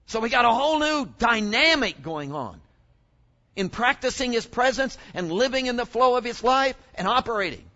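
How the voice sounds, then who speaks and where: A man preaching a sermon in an animated way, often exclaiming and asking the congregation questions. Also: extremely high pitch, normal speed, muffled recording.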